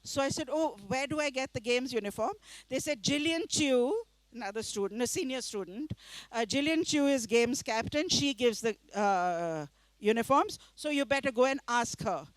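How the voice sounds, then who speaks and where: A middle-aged woman from India tells a story to a festival audience, acting out what each person said. Her voice sits high and moves a lot. The sound is dry and close, with no room echo. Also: moderate pace. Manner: animated storytelling with quoted voices and laughter. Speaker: author giving a reading. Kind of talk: storytelling talk at a literature festival. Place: festival session before a live audience.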